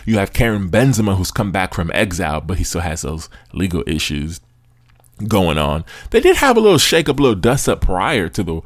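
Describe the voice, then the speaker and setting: Low-voiced young American man talking sports. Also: fairly quick, no room sound, studio quality. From United States. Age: young adult. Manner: animated, laughing, slangy asides. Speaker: podcast host. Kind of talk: casual sports commentary.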